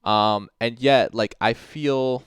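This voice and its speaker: A man's voice: medium pitch, steady tone, takes it slowly, clean tone, no echo, studio quality. A man hosting a livestream, rambling in casual commentary with constant "like" fillers and swearing, answering chat messages as he goes. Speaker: livestream host.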